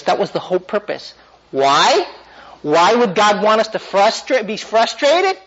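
A man's voice: high voice, expressive, a little slow, fairly bright tone, lo-fi sound. A man teaching a Bible class, asking the class questions and driving his points home with energy.

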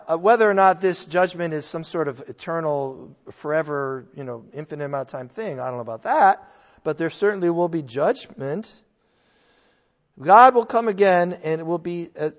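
High-voiced man preaching emphatically. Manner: emphatic, conversational preaching with rhetorical questions. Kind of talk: sermon. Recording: dull sound in a reverberant hall.

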